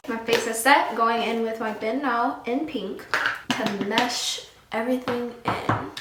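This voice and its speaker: A woman's voice: high voice, echoey room, recorded from a distance, background noise. A woman chatting casually through a makeup tutorial, sassy and talkative. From Houston, Texas. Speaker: makeup vlogger.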